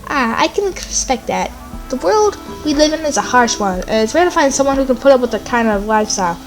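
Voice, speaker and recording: A woman voicing a big, calm male slugcat creature. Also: high voice, a little fast, faint music behind, pitched above the performer's own voice, rough recording. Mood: musing. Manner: calm, matter-of-fact musing.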